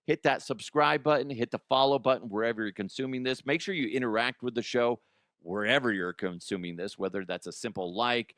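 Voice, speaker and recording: A man's voice: mid-range voice, brisk, fairly bright tone, dry recording, studio quality. A man hosting a comedy podcast, rambling loosely and laughing between bits. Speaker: podcast host. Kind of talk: casual comedy monologue.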